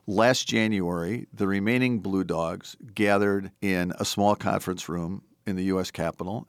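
Gravelly low-voiced man talking politics. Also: no echo, clean studio sound. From American. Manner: animated, emphatic, storytelling. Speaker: podcast host, former congressman. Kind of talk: political interview talk.

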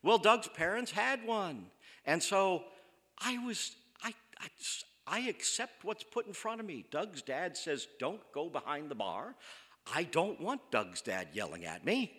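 A man telling a funny personal story on stage, self-mocking and animated. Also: high-pitched, unhurried, big-room sound. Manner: animated, self-mocking, acts out quoted voices. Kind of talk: comic live storytelling.

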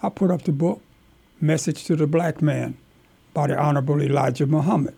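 An older man, a community elder, telling stories from his life in an animated, emphatic way as an interview guest. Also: fairly high pitch, a little fast, vocal fry, slightly rough. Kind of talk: storytelling in conversation.

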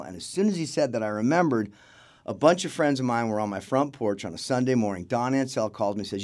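A man's voice: medium pitch, quick pace, darkish tone. A middle-aged man telling stories in a casual interview as a guest, acting out the voices of the people he quotes. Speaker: interview guest, film crew grip.

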